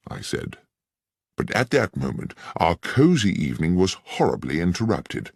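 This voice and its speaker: A man reads a detective story in a measured, expressive way. His voice is very deep and gravelly, with lively rises and falls. The recording is dry and close. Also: dry recording. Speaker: audiobook narrator. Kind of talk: scripted first-person narration.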